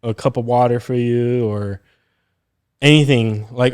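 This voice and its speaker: A man's voice: mid-range voice, fairly even intonation, measured pace, a little mellow, clear, resonant tone. A man co-hosting a casual podcast, talking bluntly and jokingly and acting out quotes. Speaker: podcast co-host.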